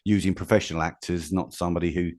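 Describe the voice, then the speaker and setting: A plain-spoken man from England who tells things straight in a lower voice. He stumbles and restarts often as he talks through his invention and past. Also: fairly even intonation, fast, a little mellow. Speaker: inventor guest. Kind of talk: casual interview chat.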